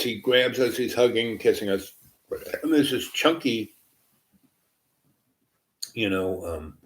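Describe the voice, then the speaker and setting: Rambling middle-aged man, low voice. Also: fairly bright tone. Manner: meandering, heavy with fillers and restarts. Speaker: storyteller. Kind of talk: rambling personal anecdote.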